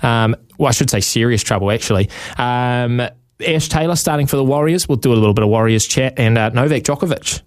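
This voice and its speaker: A man's voice: mid-range voice, brisk. A man hosting a sports radio show, talking casually with frequent ums. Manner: chatty, many ums and uhs. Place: radio studio.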